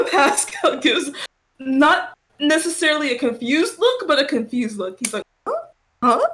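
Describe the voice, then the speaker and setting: Lively, giggly woman at a game table. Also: high voice, a little slow. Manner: giggly, swears freely. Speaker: player. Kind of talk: casual tabletop role-play.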